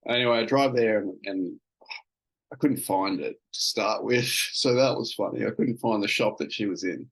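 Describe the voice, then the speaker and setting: A man's voice: fairly low pitch, normal speed, creaky, poor audio. A man hosting a casual solo podcast, telling an everyday story in a rambling, self-amused way with plenty of fillers and restarts. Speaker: podcast host.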